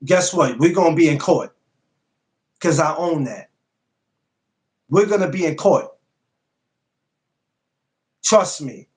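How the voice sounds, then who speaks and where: A man's voice: on the high side, slow pace, pauses often. A man hosting a casual podcast livestream, talking bluntly and profanely and repeating himself a lot. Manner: repetitive, blunt, profane, animated. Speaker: podcast host.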